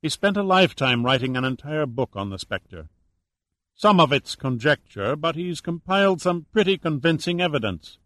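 A man's voice: fairly high pitch, sing-song, normal speed, fairly bright tone, no echo. Guy doing a sure-of-himself investigator, matter-of-fact, dry close audiobook sound.

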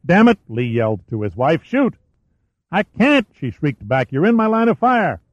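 Male narrator, mid-pitched, steady thriller read, close dry booth. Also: no room sound. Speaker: audiobook narrator. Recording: dry, slightly muffled studio recording.

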